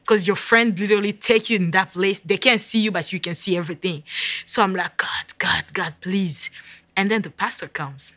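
Bright-voiced African woman telling a story. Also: medium pitch, brisk, dry recording. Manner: vivid, dramatic retelling with hushed whispered asides. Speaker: guest. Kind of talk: storytelling in a conversation.

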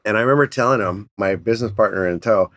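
Energetic storytelling man, low voice. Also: fast talker, no echo, clean studio sound. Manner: energetic, animated, laughs often. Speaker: guest telling a business story. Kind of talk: casual storytelling.

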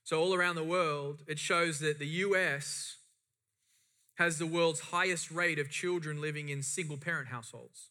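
A man's voice: a little high, steady tone, moderate pace, sharp tone. A middle-aged man preaching a sermon to a congregation with impassioned, rising and falling emphasis. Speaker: pastor.

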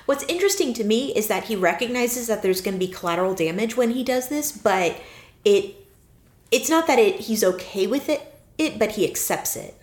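A woman's voice: a little high, lively intonation, fairly quick. A woman co-hosting a casual book discussion podcast, speaking in a thoughtful, reflective way. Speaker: podcast co-host. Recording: roomy echo.

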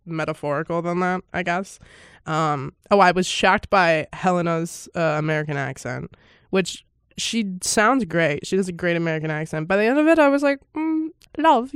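A woman's voice: fairly low pitch, smooth, no room sound, clean studio sound. A woman hosting a casual podcast, reacting to a film in a chatty, giggly way, often laughing and exclaiming in surprise. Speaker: podcast host.

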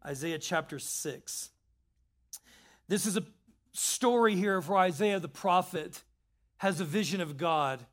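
Animated high-voiced preacher. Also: male voice, moderate pace. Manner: animated, conversational preaching with asides. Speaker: pastor. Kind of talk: sermon.

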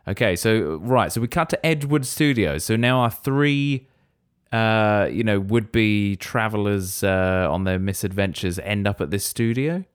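A man co-hosting a podcast in casual chat, enthusiastic and speculative as he thinks out loud. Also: on the low side, a little slow, clear, resonant tone, dry recording, studio quality. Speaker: podcast co-host.

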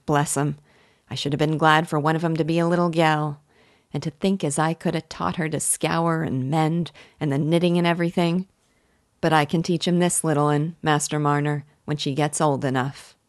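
A woman's voice: low-pitched, little pitch movement, moderate pace, dry recording, clean studio sound, lightly acted. Homely rustic village wife, read by a woman. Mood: fond. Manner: rustic country dialect, homely and earnest. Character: kindly village wife, older woman, pious and chatty.

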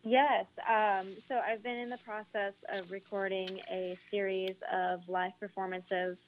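A woman musician being interviewed on the radio, speaking earnestly and pausing with ums. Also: mid-range voice, flat delivery, phone-quality sound, a little hiss or hum. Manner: earnest, measured, with frequent ums. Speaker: guest musician.

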